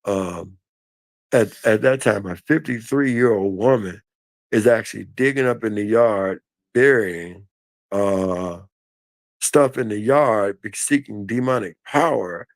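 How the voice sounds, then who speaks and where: An older man telling a story in a casual, animated and folksy way on a live stream. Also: lowish voice, slow, no echo.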